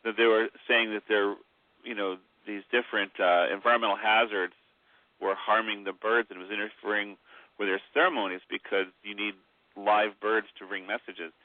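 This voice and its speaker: A low-voiced man of Mi'kmaq heritage appears as an author guest on a radio interview, telling rambling stories packed with fillers. He speaks easily and unhurriedly in a steady tone, coming through a tinny phone line that sounds dry and close, with no echo.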